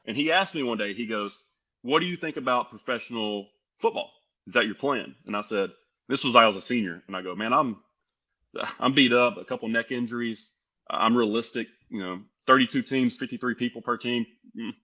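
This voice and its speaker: A young man from the United States telling stories as a podcast guest, lively and animated, acting out what others said. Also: mid-range voice, brisk, muffled recording. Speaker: podcast guest, pro wrestler. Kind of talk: casual storytelling.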